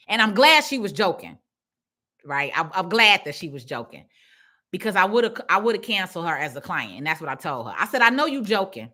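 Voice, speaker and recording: A small business owner with a Chicago accent speaks live to her followers on a stream, giving a casual, preachy pep talk and repeating her points for emphasis. Her low voice has a sharp tone and big pitch swings, and she talks a little fast.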